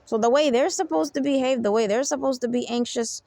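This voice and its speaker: Gravelly, emphatic woman giving advice. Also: sits high, a little fast, warm tone, no room sound. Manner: emphatic, keeps asking "you get me?". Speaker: self-help speaker. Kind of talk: unscripted advice monologue.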